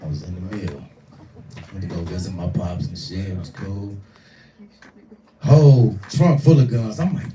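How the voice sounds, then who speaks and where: A man in his forties doing live stand-up, telling a profane, animated story and acting out the voices in it. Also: sits low, normal speed, a little hiss or hum. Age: 40s. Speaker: stand-up comedian. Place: small live venue. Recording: echoey room, distant mic.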